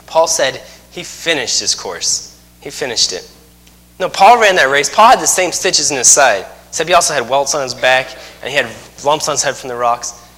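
Lively thirty-something preacher in a reverberant hall. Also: male voice, mid-range voice. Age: 30s. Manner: lively storytelling, acts out scenes with humor. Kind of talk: sermon.

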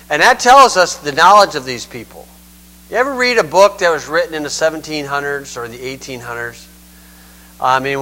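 A man's voice: a little high, sharp tone, poor audio. Folksy man teaching the Bible. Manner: folksy, digressive, says "okay" often.

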